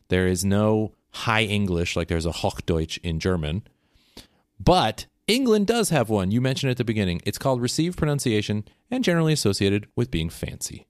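A man co-hosting a casual chat, animated and quick, tripping over his words as he rushes to make his points. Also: fairly low pitch, dry recording, studio quality. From United States. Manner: animated, talks fast with laughs and restarts. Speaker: podcast co-host.

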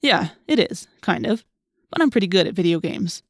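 A woman's voice: lowish voice, lively intonation, normal speed, dry recording, clean studio sound. Woman voicing a determined teen boy. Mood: plain. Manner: insistent.

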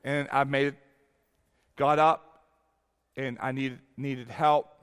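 A man in his fifties preaching a sermon, telling a candid personal story that moves from hushed lines to exclaiming ones. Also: medium pitch, level tone, takes it slowly, clean tone, long reverb tail. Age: 50s. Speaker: pastor.

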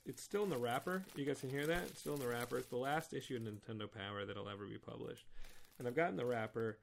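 Gravelly podcast host rambling excitedly. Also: male voice, mid-range voice. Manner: self-mocking. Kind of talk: casual solo podcast talk.

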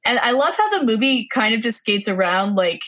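A woman's voice: a little high, sing-song, moderate pace, fairly bright tone. A woman co-hosting a podcast, chatting casually about a bad movie with sarcastic disbelief and lots of "like" fillers. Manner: sarcastic, incredulous, many "like" fillers. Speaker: podcast co-host. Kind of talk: casual movie review chat.

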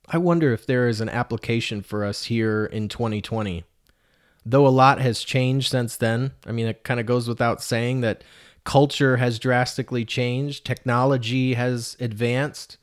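A man preaching a sermon in an earnest, conversational way, asking rhetorical questions. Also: mid-range voice. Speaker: pastor.

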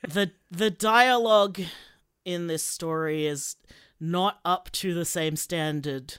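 A woman with an Australian accent co-hosting a comedy podcast, chatting casually in an exasperated, incredulous way with halting restarts. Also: lowish voice, fairly bright tone, clean tone. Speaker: podcast co-host.

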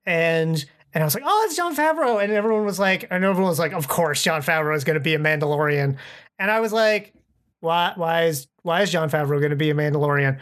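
A man's voice: on the high side, quick pace, a bit bright, clean tone. A man chatting as a podcast guest, rambling and enthusiastic, often acting out what people said. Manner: rambling, enthusiastic, acts out quoted speech. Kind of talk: casual chat.

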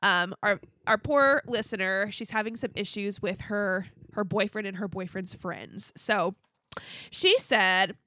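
Bright-voiced woman podcast co-host. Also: medium pitch, measured pace, no echo, clean studio sound. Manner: laughs often, animated retelling of scenes. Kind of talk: casual chat.

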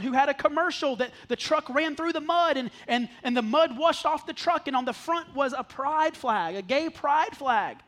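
A man's voice: extremely high pitch, animated, normal speed, hardly any pauses, a bit bright. A man who is a pastor preaching a sermon to a congregation, earnest, often repeating words as he restarts. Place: church service before a congregation.

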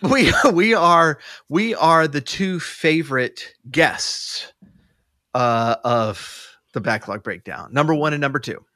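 A man's voice: a little high, expressive, slow, bright, forceful tone, no echo, clean studio sound. A man co-hosting a podcast, chatting casually with many restarts and fillers, laughing often. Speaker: podcast co-host. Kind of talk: casual chat. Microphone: remote call mic.

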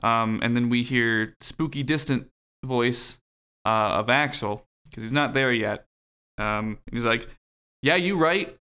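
A man's voice: mid-range voice, steady tone, a little slow, bright, forceful tone, clear, resonant tone. A man co-hosting a casual podcast, recapping a game playfully with swearing and lots of ums. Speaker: podcast co-host. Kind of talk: casual chat.

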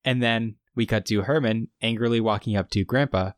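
A podcast co-host with a fairly low-pitched voice casually recaps a TV episode at a brisk clip, quoting its lines and laughing often as he retells scenes. The recording is studio quality with no echo.

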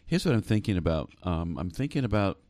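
Very deep gravelly male host. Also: very animated, fairly quick, a little mellow, dry recording. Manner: earnest questioning, many hesitations.

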